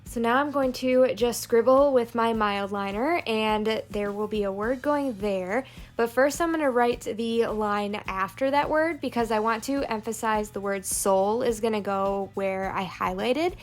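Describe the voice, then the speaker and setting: A woman narrating a plan-with-me planner video, calmly explaining each crafting step. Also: on the high side, a little slow. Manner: calm step-by-step crafting walkthrough. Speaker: planner vlogger. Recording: soft background music.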